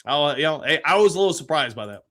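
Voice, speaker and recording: A man's voice: a little high, expressive, racing, fairly bright tone. A man hosting a live sports podcast, chatting casually and reading viewer comments aloud with upbeat cheers.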